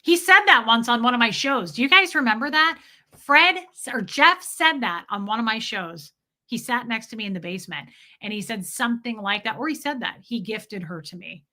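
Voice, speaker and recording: Bright-voiced woman telling a story. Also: on the high side, normal speed. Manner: animated, swearing, acts out quoted voices. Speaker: streamer telling a personal story. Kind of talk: casual storytelling to an audience. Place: home basement studio.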